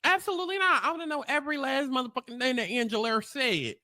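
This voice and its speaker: A woman reacting to reality TV clips, loud and mocking. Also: sits high, quick pace, dry recording, clean studio sound. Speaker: commentary host reacting to clips. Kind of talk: reaction commentary.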